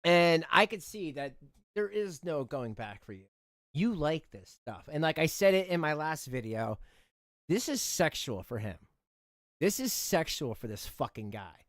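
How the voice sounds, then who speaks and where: A man's voice: a little high, very animated, measured pace, fairly bright tone, no room sound. Guy streaming, mocking and scornful, voice jumps all over, dry close sound. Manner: mocking, scornful, laughs a lot. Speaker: commentary streamer. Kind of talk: reaction commentary.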